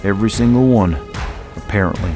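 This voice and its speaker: A man's voice: lowish voice, fairly quick, close to an everyday voice. A man doing a stern formal lawman. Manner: clipped and formal. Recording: music playing underneath. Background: music.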